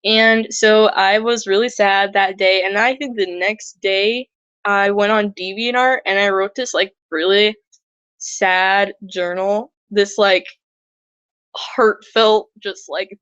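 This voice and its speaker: A woman's voice: mid-range voice, fairly even intonation, takes it slowly, fairly bright tone, smooth, dry recording. A woman telling a personal story in a casual, rambling way, filling her sentences with "like". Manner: rambling, heavy use of filler "like". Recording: dull lo-fi dry recording.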